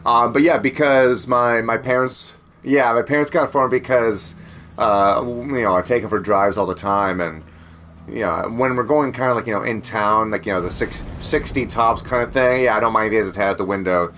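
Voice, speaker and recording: A man's voice: medium pitch, moderate pace, a bit bright, slight background noise. A man chatting casually as a streamer, rambling, joking and swearing freely. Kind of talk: casual chat.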